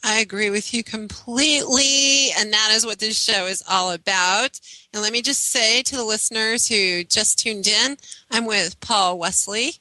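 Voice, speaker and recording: A woman hosting a radio talk show, speaking in an unhurried, agreeable way. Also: mid-range voice, sharp tone, dry recording, low-quality recording. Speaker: radio host.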